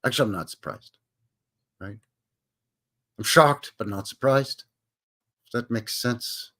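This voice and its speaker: A man's voice: mid-range voice, unhurried, fairly bright tone. A man with a Canadian accent hosting a live stream, greeting his chat in a jokey, folksy way. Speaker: livestream host.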